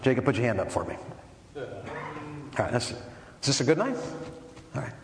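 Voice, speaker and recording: A man preaching a sermon to a men's meeting, firing rhetorical questions and building to forceful emphasis. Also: mid-range voice, very animated, brisk, creaky. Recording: echoey hall with long reverb and faint noise.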